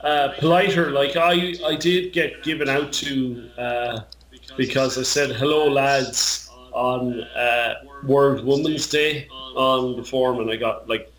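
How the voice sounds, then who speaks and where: Man, Irish accent, casual chat, rambling, jokey, restarts, mid pitch. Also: steady tone, a little slow, a bit bright, poor audio. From Ireland. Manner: rambling, joking, with many restarts.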